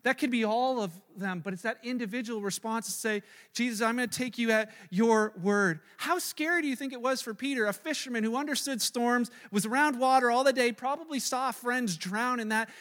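A man preaching a sermon as a pastor, animated and acting out the voices he quotes, often repeating words as he presses a point. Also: extremely high pitch, normal speed, hardly any pauses. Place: church sanctuary. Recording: long reverb of a large hall.

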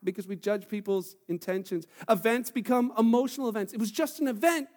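Man, pastor, sermon, high voice, animated, acts out quotes, long reverb of a church hall. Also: brisk. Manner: conversational with frequent restarts.

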